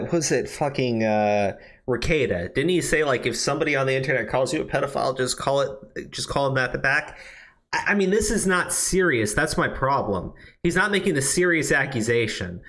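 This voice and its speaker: Animated, cursing, stammering male streamer. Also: mid-range voice. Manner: stammering, swearing, heated and ranting. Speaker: streamer and commentator. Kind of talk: profane live-stream commentary. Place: new office.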